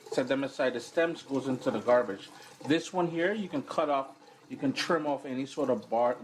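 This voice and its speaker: A man's voice: medium pitch, darkish tone, slight background noise. A man hosting a home cooking demonstration in an upbeat, chatty way, recorded in his kitchen. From Caribbean. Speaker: cooking show host. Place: home kitchen and living room.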